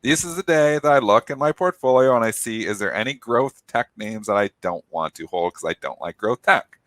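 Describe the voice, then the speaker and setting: A man's voice: mid-range voice, lively intonation, brisk, a bit bright, no room sound. A man co-hosting a market show, emphatically explaining trading basics and repeating his point. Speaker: co-host, trader. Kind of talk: market talk show commentary.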